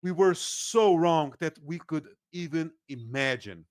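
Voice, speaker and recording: Man, Brazilian accent, native Portuguese speaker, political analyst guest, lively, laughing, restarts sentences, fairly high voice. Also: a little slow, clear, resonant tone, no echo, clean studio sound. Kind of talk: casual podcast interview.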